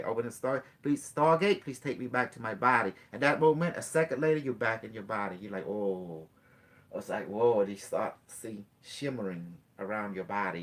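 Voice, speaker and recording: A man's voice: mid-range voice, fairly bright tone. A man working as a spiritual guide, talking the listener through a guided session step by step. He speaks in loose, repetitive phrasing full of fillers and keeps checking in with his listener. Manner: talks straight to the listener, often checking in.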